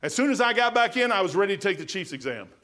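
Brief: male preacher, middle-aged, high-pitched, folksy and emphatic storyteller. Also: very animated, fast, pushed and bright. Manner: folksy, storytelling, emphatic, addresses listeners as "man". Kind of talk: sermon.

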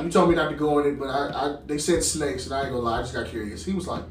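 A man's voice: on the high side, racing, few pauses. A man co-hosting a casual podcast, telling stories from his childhood and acting out his parents' lines. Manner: animated, acts out quoted parents and friends. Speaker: podcast co-host. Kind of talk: casual storytelling chat. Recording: roomy sound from a distant mic with faint music.

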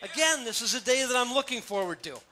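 A man preaching a sermon in a church, reading scripture aloud and explaining it in an animated, storytelling way. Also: extremely high pitch, quick pace. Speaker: pastor. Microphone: church sound system.

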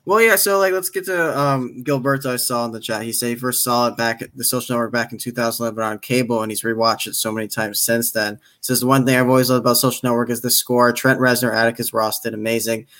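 A man co-hosting a casual film podcast, relaxed and easygoing as he reads out viewer comments. His voice sits at a middle pitch. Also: fast, hardly any pauses. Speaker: podcast co-host. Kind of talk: casual film review chat.

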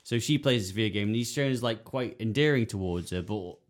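Low guy chatting away on a podcast, rambly, doing little voices. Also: brisk. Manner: rambling, lots of fillers, puts on voices to act out scenes. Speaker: podcast co-host. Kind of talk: casual chat.

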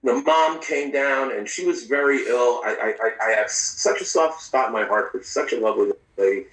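A man recounting his own past in an interview, speaking candidly and haltingly, with frequent profanity and restarts. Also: mid-range voice, fairly bright tone, a little hiss or hum. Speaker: interview guest. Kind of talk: personal storytelling in a podcast interview. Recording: roomy, distant mic.

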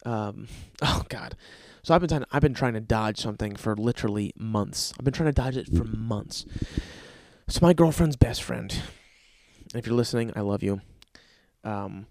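A young man hosting a podcast, telling rambling, profane comedic stories in a casual, animated way. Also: on the low side, moderate pace, no echo, studio quality. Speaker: podcast host. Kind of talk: casual comedic storytelling monologue.

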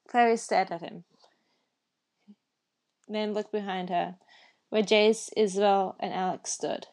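A woman reads a novel chapter aloud at an unhurried pace. Her voice has a slightly gravelly texture. She reads casually, now and then stumbling and correcting herself. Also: medium pitch, fairly even intonation, darkish tone. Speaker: reader.

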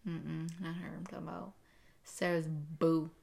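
A young woman co-hosting a casual podcast, chatting in an animated way and putting on voices when she quotes people. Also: low-pitched, unhurried, vocal fry. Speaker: podcast co-host. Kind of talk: casual chat.

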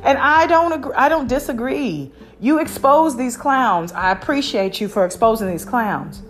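A woman's voice: a little high, lively intonation, normal speed, faint music behind. A woman hosting a podcast in casual chat, candid and opinionated, with frequent fillers and restarts. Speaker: podcast host.

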